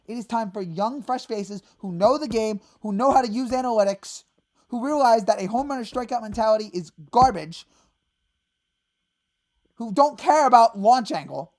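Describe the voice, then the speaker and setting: A woman hosting a fan channel, ranting in exasperation about her team and breaking into sudden shouted outbursts. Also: a little high, normal speed. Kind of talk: angry fan rant.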